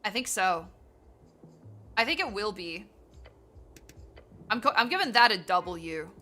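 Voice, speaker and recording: A woman's voice: medium pitch, big pitch swings, unhurried, pushed and bright, soft background music. A woman streamer playing a game live, reading the text aloud and reacting playfully, laughing and swearing casually.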